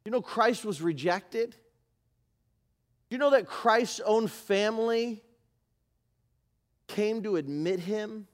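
A man preaching a sermon as pastor, animated, moving from loud emphasis to quiet asides. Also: high voice, slow, long pauses. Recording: live church service.

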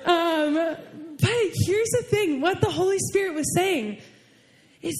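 A young woman with a high voice delivers a sermon in a loose, conversational way. She fills her speech with "like"s and tells personal stories with open emotion. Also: animated, slow pace. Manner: chatty, many "like"s, emotional storytelling. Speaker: preacher.

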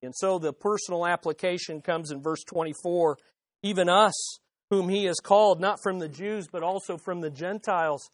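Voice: mid-range voice, moderate pace, no echo, studio quality. A pastor preaching an expository sermon, stressing and repeating key phrases and asking rhetorical questions, then answering them. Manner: swings between loud peaks and hushed asides.

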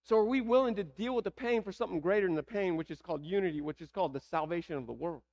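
A man's voice: high-pitched, rapid-fire, a little mellow, muffled recording. A man with a Southern American accent preaching a sermon, asking the congregation rhetorical questions. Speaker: pastor.

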